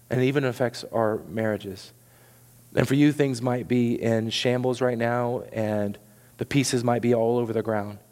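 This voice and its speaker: A man's voice: medium pitch, darkish tone. A man preaching a sermon as pastor, earnest and urging, often repeating words as he presses a point. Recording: long hall reverb.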